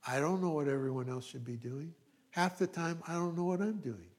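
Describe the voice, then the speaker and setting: A man's voice: a little high, moderate pace. A middle-aged male pastor preaching a sermon in a conversational way, with asides and frequent check-ins with the congregation.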